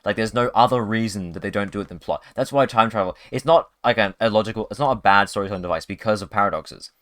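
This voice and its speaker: A man's voice: lowish voice, fast, a bit bright, dry recording. A man streaming a video game live, chatting casually in a rambling way with many restarts. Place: home streaming setup.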